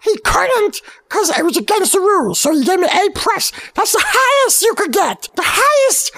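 A man voicing an earnest, cheerful young male rock-school son character who sounds a little hoarse. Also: sing-song, pushed and bright, heavily acted. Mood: protesting. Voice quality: very high, slow and drawn out. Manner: earnest and eager to please, sings to ukulele. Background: ukulele.

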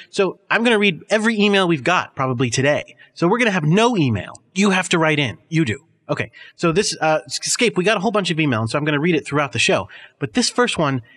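A man's voice: sits high, fairly bright tone. A man hosting a comedy podcast, chatting in a rambling, self-deprecating way and mock-scolding his listeners. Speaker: podcast host.

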